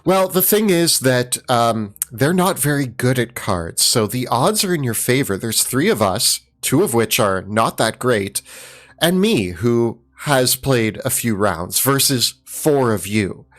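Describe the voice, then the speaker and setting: A man playing a bold summoner in a tabletop game, speaking in a measured way. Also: mid-range voice, expressive, a bit bright, soft background music. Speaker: player. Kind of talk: in-character tabletop role-play.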